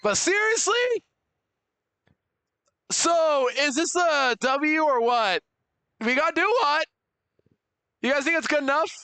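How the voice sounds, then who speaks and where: A young man streaming a game live, chatting with viewers and loudly overreacting to surprises. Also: very high voice, lively intonation, slow, long pauses, dry recording.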